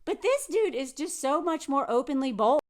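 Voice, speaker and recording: An American woman with a Southern accent ranting sarcastically in a political commentary vlog, swinging between loud and soft. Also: sits high, very animated, normal speed. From United States.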